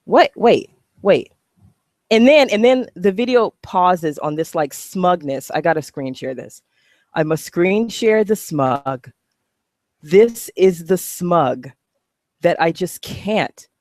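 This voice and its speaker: A woman's voice: lowish voice, lively intonation, slow, darkish tone, dry recording, studio quality. A woman giving a heated, profane, sarcastic rant while reacting to a video. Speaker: online commentator. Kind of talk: ranting reaction commentary.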